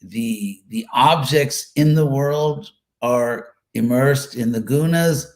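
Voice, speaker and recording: A man giving a live scripture class, explaining words one by one in a relaxed, thinking-aloud way with fillers and repeated phrases. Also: medium pitch, takes it slowly. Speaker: Sanskrit scripture teacher.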